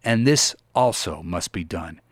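A man's voice: sits low, lively intonation, no room sound. Man reading an earnest old-style sermon. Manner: earnest, measured preaching cadence with pleading exclamations. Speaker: reader of historical sermons.

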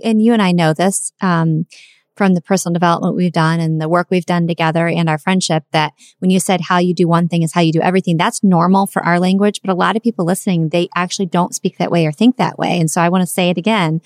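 Woman host, lower voice, emphatic and earnest, dry close recording. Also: no room sound. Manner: earnest, emphatic, repeats points. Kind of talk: casual conversation.

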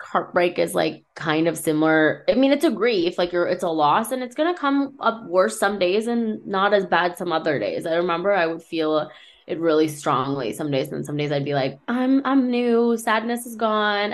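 A woman's voice: on the low side, normal speed. A young woman co-hosting a podcast in candid, casual chat, talking freely with lots of "like" and frequent laughter. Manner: chatty, peppered with "like", often laughing. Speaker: podcast co-host.

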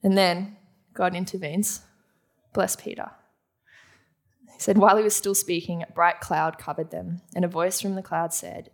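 A woman preaching a sermon, her voice slightly low and gravelly. She teaches as she goes, putting questions to the congregation and answering them herself. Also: flat delivery, normal speed, long pauses. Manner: teaching, asks the audience questions.

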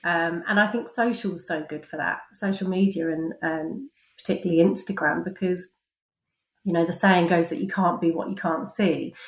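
A woman's voice: on the low side, roomy sound, poor audio. A woman in casual conversation, talking thoughtfully with many fillers.

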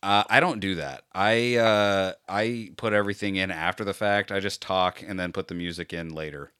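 A man's voice: low-pitched, fairly even intonation, normal speed, bright, forceful tone, smooth, no echo, studio quality. A man hosting a casual podcast chat, laughing often and telling stories with animation. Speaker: podcast host.

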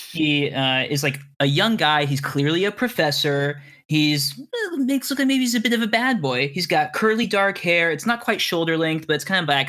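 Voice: mid-range voice, sharp tone. A game master narrating a tabletop role-playing game in a chatty, rambling way. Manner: chatty, laughs often, rambles.

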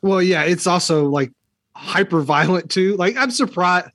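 A man casually discussing a film, relaxed and peppered with filler words. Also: high-pitched, normal speed, no room sound, studio quality.

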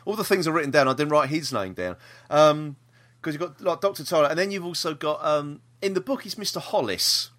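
A man's voice: fairly high pitch, lively intonation, brisk, fairly bright tone. A man co-hosting a podcast, talking casually with fillers and laughs. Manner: chatty, lots of fillers and laughs. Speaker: podcast co-host. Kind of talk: casual chat.

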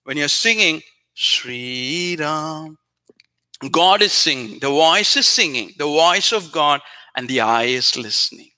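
A man's voice: on the high side, lively intonation, moderate pace, pushed and bright. A man giving an earnest, repetitive spiritual talk to listeners. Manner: earnest, repetitive, emphatic teaching. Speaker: spiritual teacher.

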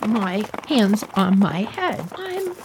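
A woman tells a personal story with an animated, lively delivery, her voice rising and falling widely as she acts out the scenes. She sits at a middling pitch. A steady noise runs behind the recording. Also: slow pace. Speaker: podcast host.

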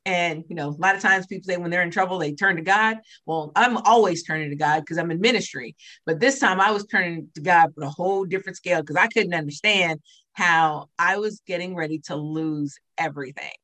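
A woman's voice: on the low side, fairly quick. A woman, a breast cancer survivor who works in ministry, telling her story casually in an interview and acting out the voices of people she quotes. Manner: animated, acts out quoted voices. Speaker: church minister.

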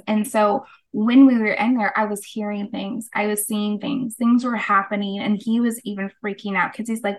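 A woman's voice: medium pitch, flat delivery, a little fast, hardly any pauses, rough recording. A middle-aged woman, a guest on an interview show, telling her story in an earnest, casual way and acting out the voices of people she quotes. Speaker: guest, holistic practitioner.

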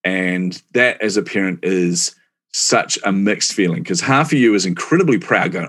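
New Zealand man in his forties, low voice, chatty interview guest who laughs easily. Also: normal speed. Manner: chatty, animated, laughs often. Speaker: guest, marketing executive. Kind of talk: casual storytelling interview.

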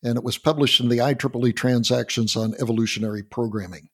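A man hosting a podcast interview, explaining in a halting way and often restarting and repeating words. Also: mid-range voice, fairly even intonation, fairly bright tone, slightly rough. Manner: storytelling, earnest explaining. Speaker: podcast host.

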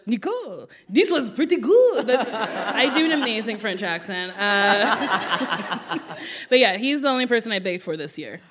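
A woman comedian being interviewed on a theater stage, animated and laughing often as she acts out voices in her stories. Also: medium pitch. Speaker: comedian guest. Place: theater stage before live audience.

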